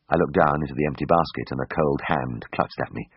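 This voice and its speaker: A man reading a first-person story aloud in a measured, dryly expressive way, in a slightly dull recording. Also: a bass voice, slightly rough, no echo. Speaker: audiobook narrator.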